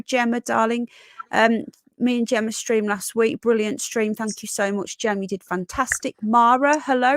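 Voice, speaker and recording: Female live stream host, chatty and affectionate, slightly high voice, dry close sound. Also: no room sound. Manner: chatty, affectionate, greets viewers one by one. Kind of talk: casual live stream chat.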